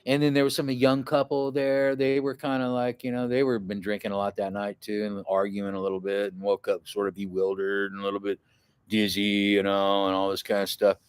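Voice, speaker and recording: A man vlogging to camera, telling a rambling, profane camping story in a casual way and acting out what other people shouted. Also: fairly low pitch, monotone, brisk, clear, resonant tone, no room sound. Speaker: outdoor adventure vlogger.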